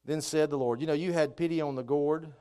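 A man preaching a sermon, moving between calm scripture reading and loud, high, impassioned stretches. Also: brisk, smooth.

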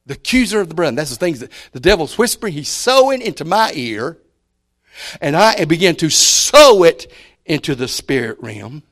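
A man delivers a folksy sermon in a slightly high voice. He leans on repeated words and lets his volume rise and fall as he preaches. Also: big pitch swings, moderate pace. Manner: folksy, repeats key words, shifts loud to soft.

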